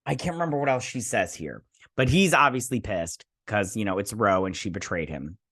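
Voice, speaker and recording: A man giving a casual, rambling recap of a TV episode, excitable and full of "like" fillers. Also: fairly low pitch, a little fast, husky, dry recording, studio quality. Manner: rambling, excitable, heavy use of "like". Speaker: show recap vlogger.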